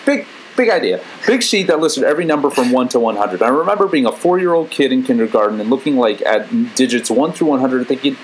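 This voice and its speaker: A man co-hosting a casual chat, telling stories with lively jumps into high excited voices. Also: quick pace, hardly any pauses, slight background noise, rough recording. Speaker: co-host.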